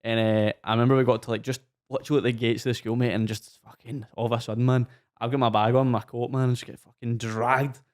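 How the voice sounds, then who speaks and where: Fast-talking Scottish young man, sweary storyteller. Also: mid-range voice. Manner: animated storyteller, swears freely, acts out his own shouts. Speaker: podcast host. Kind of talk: casual chat over drinks.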